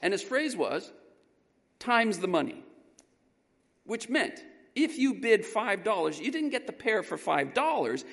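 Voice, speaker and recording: Animated preacher telling a story in an echoing hall. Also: male voice, high voice, moderate pace, creaky, few pauses. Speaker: pastor. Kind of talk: storytelling sermon. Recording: long reverb in a large hall.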